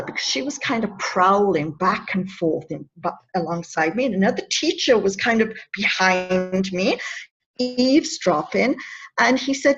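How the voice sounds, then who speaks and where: This interview guest, a woman in her fifties who advocates against bullying, has a fairly high voice and speaks a little slowly. The lo-fi recording carries some hiss or hum as she tells her personal story, earnest and emotional, often stopping and starting her words again.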